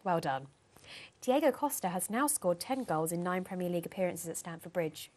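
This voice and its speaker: A woman reading sports stats in a put-on posh newsreader voice with prim, crisp enunciation. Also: on the low side, brisk, a little mellow, pitched below the performer's own voice, close to an everyday voice. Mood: mock posh.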